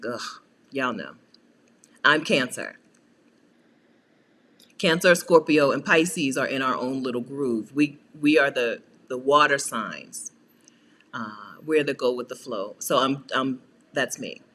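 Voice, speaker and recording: A woman's voice: slow pace, pauses often, fairly bright tone. A woman hosting a casual livestream, chatting with viewers and answering their comments, laughing often and playful. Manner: laughs often, playful, swings into high-pitched exasperated asides. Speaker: coach and channel host.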